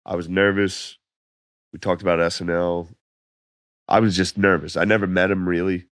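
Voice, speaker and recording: Man, very deep voice, hoarse, casual profane storytelling, dry close mic. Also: flat delivery, normal speed, no echo. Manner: laid-back, profane storytelling with laughs. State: losing his voice. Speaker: comedian guest. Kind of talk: casual podcast chat.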